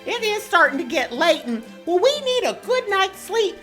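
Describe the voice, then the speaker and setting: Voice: extremely high pitch, big pitch swings, moderate pace, pushed and bright, soft background music, full character voice. A comedian voicing a prim, churchy middle-aged mom with a folksy Minnesotan accent, sing-song and prudish in a comedy sketch. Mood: sweet.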